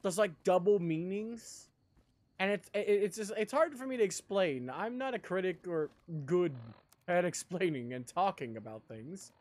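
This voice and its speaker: A man's voice: sits high, animated, moderate pace, a little mellow. A man streaming a game live, rambling casually and talking with his chat in a self-deprecating way.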